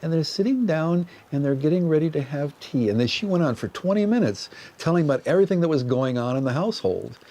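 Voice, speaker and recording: A man's voice: fairly high pitch, lively intonation, fast, hardly any pauses, mellow. A man casually recounting an anecdote as an interviewee who makes fairy houses, chuckling as he tells it.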